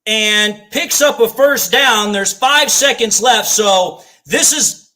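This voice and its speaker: A man's voice: sits high, slow, pushed and bright. A man calling a football game live for a fan watch party, ranting and swearing as he repeats his complaints. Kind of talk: live play-by-play fan commentary.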